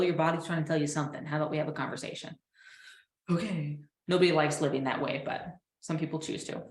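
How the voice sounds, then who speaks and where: A woman counselor teaching a training seminar, lively and quick to act out what clients say in little voices. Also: sits low, echoey room, low-quality recording. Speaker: trauma counselor.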